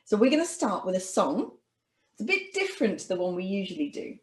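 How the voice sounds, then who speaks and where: A woman's voice: medium pitch, very animated, brisk, echoey room. A woman teaching an online French lesson to children in a cheerful, sing-song manner. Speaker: language teacher.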